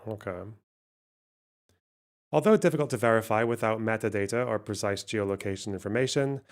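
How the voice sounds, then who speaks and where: A man, a streamer, reading news articles aloud on a live stream and adding dry asides. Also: fairly low pitch.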